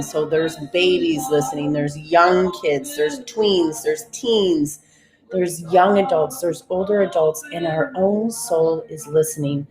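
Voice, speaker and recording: In a roomy-sounding recording, a woman with a fairly low voice hosts a live-streamed session of guided breathing and affirmations. Her instructions are coaxing and repeated, she addresses listeners as "baby," and she reads aloud the names viewers use in chat.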